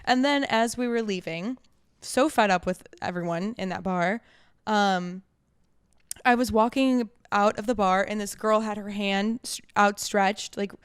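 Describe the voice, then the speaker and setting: A woman in her twenties co-hosting a podcast, telling a story in casual chat, animated and swearing freely as she acts out what people said. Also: mid-range voice, unhurried, clear, resonant tone. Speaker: podcast co-host.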